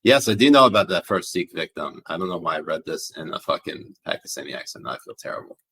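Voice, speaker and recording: A man with a very deep, low voice co-hosts a laid-back podcast. He talks loosely and profanely, trailing off and restarting as he reads out viewer questions. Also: sing-song, fast, sharp tone, a little hiss or hum. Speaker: podcast co-host. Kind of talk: casual podcast chat.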